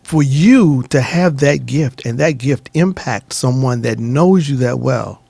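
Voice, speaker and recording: A man's voice: medium pitch, unhurried, vocal fry, mellow, breathy edge, dry recording. A male radio host encouraging his guest with faith-filled talk about her gift. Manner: preachy, encouraging, speaks of God and gifts. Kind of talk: radio talk show chat.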